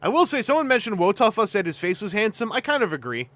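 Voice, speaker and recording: A man's voice: high-pitched, very animated, fast, bright, forceful tone. A man chatting casually on a livestream as host, rambling with lots of asides and frequent laughter. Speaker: toy collecting streamer.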